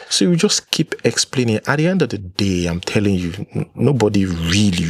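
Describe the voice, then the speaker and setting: A Nigerian-accented man hosting his own commentary video, his voice lowish and husky. He speaks earnestly, repeats phrases for emphasis and mixes in pidgin, recorded dry and close. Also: dry recording. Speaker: vlogger host. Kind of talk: commentary to camera.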